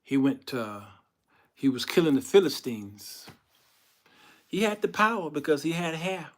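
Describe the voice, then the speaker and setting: A man hosting a comedic commentary monologue, telling stories in an animated, folksy way. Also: fairly high pitch, unhurried. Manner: animated, laughs often, folksy storytelling. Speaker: host.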